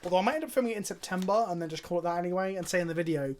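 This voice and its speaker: A man's voice: sits high, very fast, slight background noise. A man streaming a card game, commentating his plays casually, chatty and thinking aloud, with frequent swearing.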